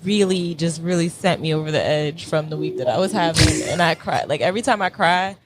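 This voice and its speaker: A woman's voice: low voice, a little fast, background noise. A woman hosting a podcast, chatting casually and candidly and putting questions to her guests. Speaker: podcast host. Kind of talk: casual chat.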